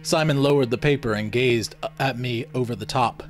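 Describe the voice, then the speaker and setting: A man reading first-person fiction aloud in a measured storytelling manner. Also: medium pitch, soft background music. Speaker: audiobook reader. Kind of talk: scripted first-person novel narration.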